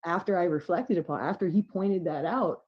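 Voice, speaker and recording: A woman guest telling a candid story in casual chat, swearing freely and getting animated as she goes. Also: lowish voice, normal speed, dull audio. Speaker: podcast guest.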